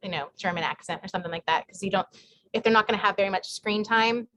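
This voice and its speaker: A woman's voice: mid-range voice, quick pace, a bit bright, a little hiss or hum. A woman author answering questions in a casual group chat on a video call, talking with many fillers and restarts. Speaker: guest author. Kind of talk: casual online group talk.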